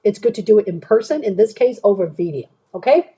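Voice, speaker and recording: A woman's voice: mid-range voice, expressive, a little fast, warm tone, breathy edge, rough recording. A woman career coach chatting on a live stream, answering viewers' questions and often checking in with "okay?".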